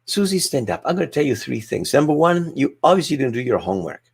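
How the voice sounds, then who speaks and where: A man's voice: mid-range voice, sing-song, fast talker, creaky, slightly rough, exaggerated voice. A man voicing a stern schoolteacher who scolds a pupil in a joke. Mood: scolding. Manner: stern, mock-scolding lecture.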